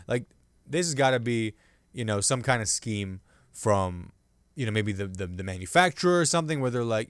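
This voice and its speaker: A male comedian hosting his own podcast, riffing loosely on the news with self-mocking jokes and sudden loud bursts between hushed asides. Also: medium pitch, expressive, a little fast, clean tone, dry recording, clean studio sound. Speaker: podcast host and stand-up comedian.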